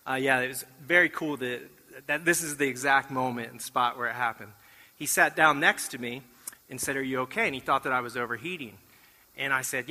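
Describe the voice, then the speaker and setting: A middle-aged man shares a testimony from the front of a church, his voice very bright and clear. He tells the story with lively acted-out dialogue and self-deprecating jokes, and the sound rings out with the long reverb of a large hall. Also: medium pitch, fairly quick. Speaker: church mission trip speaker. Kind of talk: testimony talk to a congregation.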